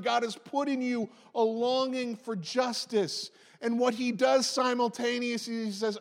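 A man's voice: extremely high pitch, fairly even intonation, measured pace, few pauses, big-room sound. A man in his forties preaching a sermon, impassioned and emphatic, hammering repeated phrases. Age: 40s. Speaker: pastor.

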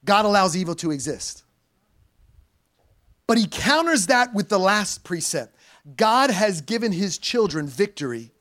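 High-voiced animated male preacher. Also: unhurried, long pauses. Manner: animated, conversational preaching with slang asides. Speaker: pastor. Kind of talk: sermon.

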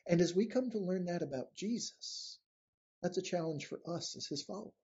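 A man's voice: high voice, expressive, brisk, darkish tone, husky. Earnest man giving a scripture reflection. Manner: earnest, conversational, reads scripture aloud. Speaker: preacher. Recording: dull lo-fi recording.

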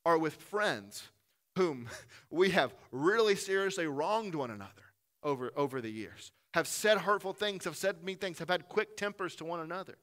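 A man preaching a sermon to a gathered congregation in a church room, earnest, rising to loud emphatic peaks and dropping to soft, low asides. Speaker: pastor.

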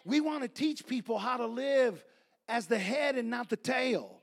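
A male pastor preaching a sermon, reading scripture and telling stories, building to loud shouts. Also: very high voice, animated, a little slow, creaky.

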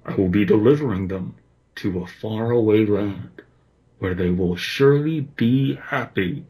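A man's voice: on the low side, a little slow, dark tone, close to an everyday voice. A man putting on a muffled, sinister bear mascot voice. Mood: eerie calm. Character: sinister masked bear host of a children's show, calm and eerie.

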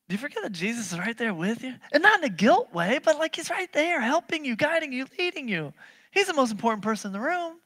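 A fast, dry recording of a preacher giving an animated sermon. He hammers home rhetorical questions, shifting from booming bursts to quiet, low-voiced stretches.

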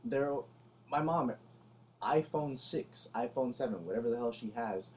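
Young man talking louder than usual. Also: medium pitch, a little slow, a little hiss or hum. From Salvadoran family in the United States. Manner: pushing himself to talk louder than usual, animated storytelling. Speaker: podcast co-host. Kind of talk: casual chat. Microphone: close podcast mic.

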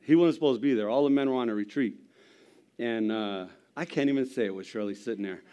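A middle-aged man telling his conversion story in a church, gruff and humorous, with a storyteller's pacing. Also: medium pitch, fast, mellow. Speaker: lay preacher giving testimony. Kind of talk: sermon testimony.

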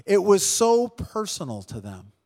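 A man preaching a sermon, swinging between loud emphatic lines and hushed ones and calling out to the congregation. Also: sits high, sing-song, a little slow. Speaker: pastor.

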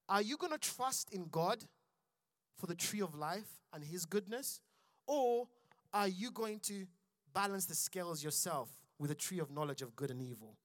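A man's voice: high-pitched, fairly bright tone, no echo, studio quality. A man preaching a sermon in church, building intensity and calling out to his congregation. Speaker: pastor.

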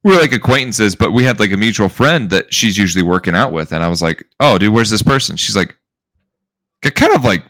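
A man co-hosting a casual podcast, telling stories in an animated way and saying "dude" and "bro" all the time. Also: fairly low pitch, brisk, dry recording, clean studio sound. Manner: animated storyteller, says "dude" and "bro" constantly. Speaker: podcast co-host. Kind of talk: casual chat.

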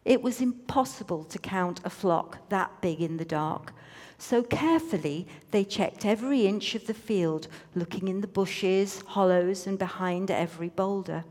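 A woman's voice: medium pitch, unhurried, darkish tone. A woman reading a story aloud with playful, teasing asides, in a room with a long reverb.

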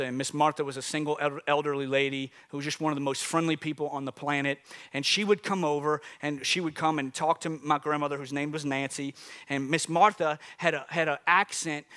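A man's voice: fairly high pitch, steady tone, a little fast, sharp tone. A man in his forties preaching a sermon in a conversational way, often calling out to the congregation. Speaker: pastor.

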